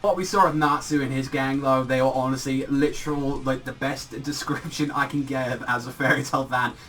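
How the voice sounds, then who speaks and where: A man's voice: medium pitch, steady tone, normal speed, a bit bright, distant mic, soft background music. A young British man reviewing manga in a casual vlog, rambling and swearing, with lots of fillers. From Britain.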